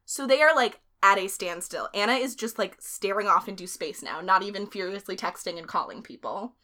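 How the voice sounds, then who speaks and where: A woman with a bright, forceful voice tells a story in a relaxed, conversational way. She keeps it lively and chatty and laughs easily as she goes. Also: mid-range voice, a little fast. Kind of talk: casual storytelling.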